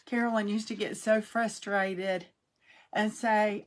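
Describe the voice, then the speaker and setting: A woman's voice: mid-range voice, steady tone, slow pace. A middle-aged woman hosting a craft livestream, chatting folksily and greeting viewers by name as she works. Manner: folksy, talks to viewers by name while working.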